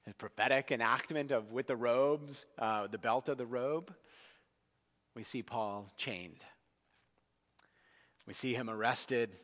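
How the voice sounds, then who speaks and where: A man's voice: mid-range voice, slow, long pauses, a bit bright, big-room sound. A man preaching an expository sermon in a conversational, storytelling manner.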